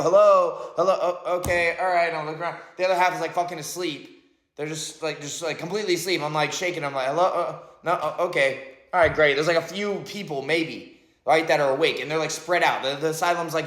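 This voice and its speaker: A man in his thirties with a slightly high voice muses aloud in a loose, rambling way. He keeps circling back with "like" and "right?" and swears freely. The sound bounces around an echoey room. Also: a bit bright. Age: 30s. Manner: rambling, reflective, heavy on "like" and "right?", swears often. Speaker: vlogger. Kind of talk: spiritual monologue.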